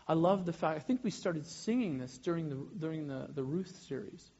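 A man in his thirties, a pastor giving a sermon, animated and often breaking off mid-sentence to act out little scenes. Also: on the high side, fairly quick, highs cut off. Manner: animated, self-interrupting, acts out little scenes.

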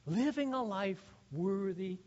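Earnest and exhorting, a male pastor preaches a sermon, questioning his congregation and restarting sentences as his high voice swings widely in pitch. He is expressive and takes his time, with a darkish tone. The recording is dull and lo-fi.

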